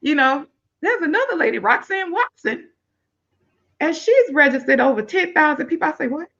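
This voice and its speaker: Excitable lady hosting a live web show, bright sharp voice, kinda dull lo-fi stream sound. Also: sits high, normal speed. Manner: excitable and effusive. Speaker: host. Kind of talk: live online talk show.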